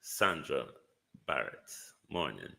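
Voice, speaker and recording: A man's voice: rumbling low, sing-song, takes it slowly, gravelly, sharp tone. A man with a Jamaican accent hosting a live stream, giving casual political commentary, greeting viewers by name and repeating words for emphasis.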